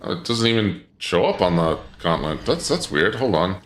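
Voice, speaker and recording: Chatty low-voiced man streaming a game. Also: sing-song, moderate pace, a bit bright, echoey room, soft background music. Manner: chatty, thinks aloud, answers chat. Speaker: gaming streamer. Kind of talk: casual live-stream commentary.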